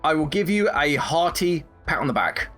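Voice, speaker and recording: A man with a lively, swinging delivery trades dry teasing remarks during an online co-op game. His pitch sits mid-range, with faint music behind. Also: normal speed. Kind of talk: casual co-op gaming chat.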